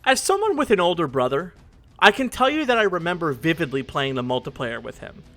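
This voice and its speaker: A man's voice: a little high, sing-song, brisk, sharp tone, faint music behind. A man in his twenties narrating a scripted video essay in an earnest, reflective way.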